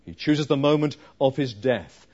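A man preaching a sermon, slow and emphatic, with dramatic pauses. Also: mid-range voice, darkish tone, muffled recording.

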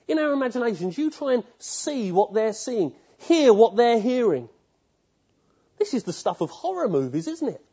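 Heard on a dull, lo-fi recording, this sermon comes from a man whose slightly high voice is mellow with a husky edge. He relies on vivid storytelling and frequently asks his congregation questions.

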